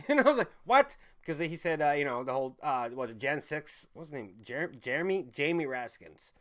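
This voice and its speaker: A man's voice: on the high side, big pitch swings, moderate pace, fairly bright tone. A man hosting a casual livestream, rambling as he answers viewer chat, swearing freely and laughing often. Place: home in a city.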